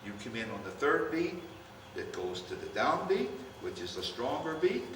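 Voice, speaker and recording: A man's voice: medium pitch, normal speed. Older guy running band rehearsal, far from the mic, big echoey hall, hiss behind. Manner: animated, calls out cues. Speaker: band conductor. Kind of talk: rehearsal coaching. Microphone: distant room mic.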